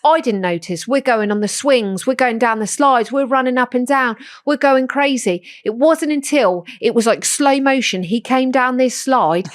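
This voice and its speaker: Animated woman, fairly high voice. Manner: animated storyteller, quick to act out quotes. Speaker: podcast co-host. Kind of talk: casual chat.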